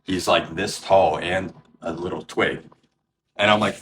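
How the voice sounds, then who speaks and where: A young man with a slightly hoarse voice, telling an animated story in casual chat and acting out the shouting. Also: low-pitched, unhurried. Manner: animated, acts out shouted quotes. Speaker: drive-thru coffee shop worker telling a story.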